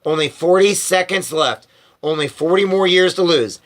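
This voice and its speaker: A man voicing a brisk, eccentric grown man in charge, with theatrical announcing, in a storybook reading. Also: sits high, a bit bright. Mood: soothing.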